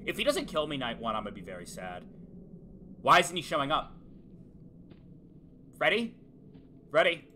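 A man streaming a video game, giving frantic, excitable commentary as he yells, laughs and swears. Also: a little high, moderate pace, pauses often. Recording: game music playing clearly behind.

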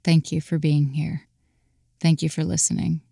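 A woman host reading a scripted podcast outro, calm and measured. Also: sits low, creaky, husky, no echo, studio quality.

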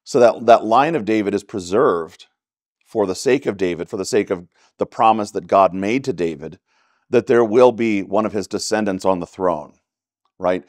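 Low-voiced pastor teaching Bible study. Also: male voice, normal speed, dry recording, studio quality. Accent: Texan. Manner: conversational teaching, rhetorical questions with "right?". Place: church classroom.

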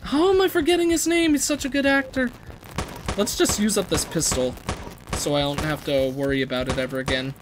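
Gamer rambling through a let's play, voice jumping all over, keeps cutting themself off, faint hiss behind. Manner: rambling, self-deprecating, trails off and restarts; lively, jumpy pitch. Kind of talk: casual gameplay commentary.

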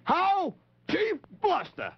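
Fretful puppet, very high, gravelly, lively swoops, dull old TV audio. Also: male voice, slow pace, heavily acted. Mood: nervous stammering. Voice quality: high creaky raspy voice. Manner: stammering, fretful. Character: timid nervous male puppet posing as a chief. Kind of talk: 1950s children's TV puppet show.

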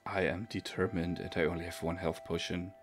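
Gravelly low-voiced man gaming. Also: flat delivery, fairly quick. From Germany. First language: German. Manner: thinking aloud, self-correcting. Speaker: let's play streamer. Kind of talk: casual gameplay commentary. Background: game music.

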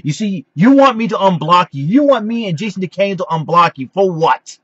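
A man's voice: high voice, expressive, brisk, a bit bright, slightly rough, no room sound, highs cut off. A man giving an angry, indignant vlog rant, repeating himself and stammering as he addresses his critics.

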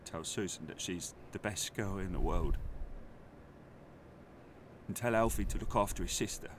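A man voicing a man's farewell letter to his wife, tender and halting, with game ambience clearly behind. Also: low-pitched, noisy background, close to an everyday voice. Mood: tender, sorrowful.

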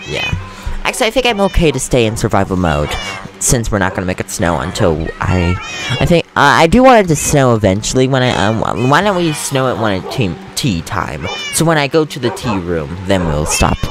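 A man's voice: lowish voice, huge pitch swings, brisk, music in the background. A man casually commenting on his own gameplay, goofy and chatty, giggling often and getting jumpy and nervous. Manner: jumpy, nervous about threats. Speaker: gaming channel host. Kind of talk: Let's Play commentary.

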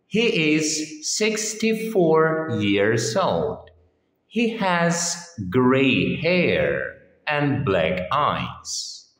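A male English teacher drills short phrases very slowly, letting each one ring out in an echoey room with a long tail of reverb. His pitch swings widely from phrase to phrase, as if modelling intonation for learners. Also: a bit bright. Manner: reads each phrase on its own with pauses, often repeating it. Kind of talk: slow phrase-by-phrase lesson reading.

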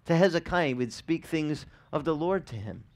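A man, a pastor, giving a conversational sermon, animated and quizzing the congregation, often repeating words as he restarts. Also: a little high, moderate pace. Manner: animated, asks the congregation questions.

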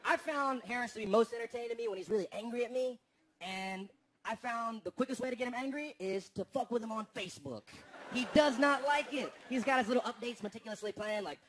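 A man performing a stand-up routine in a large theater, animated and acting out quoted lines. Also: very high-pitched, quick pace, noisy background. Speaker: stand-up comedian. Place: large theater with live audience. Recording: live stage recording with crowd. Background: audience laughter.

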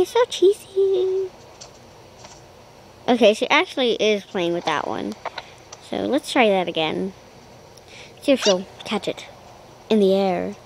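A young girl casually commentating her pet game, rambling and chatty, cooing in a high voice at her puppy. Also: a little hiss or hum, poor audio. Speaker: gaming vlogger.

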